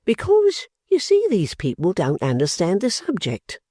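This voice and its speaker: Guy doing a puffy jumpy old clerk voice, pops up high and loud in bursts, dark dry sound. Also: wildly swooping pitch, no room sound, exaggerated voice. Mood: emphatic. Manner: quick, high, snorting bursts. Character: excitable puffing older male clerk. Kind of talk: audiobook character voice.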